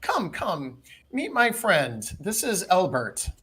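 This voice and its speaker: A man voicing a very old, shriveled, small man in a tabletop game, hesitant and fussy, quick to apologize and welcome guests. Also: high-pitched, huge pitch swings, pushed and bright, slightly rough, voice pushed up, heavily acted. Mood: welcoming.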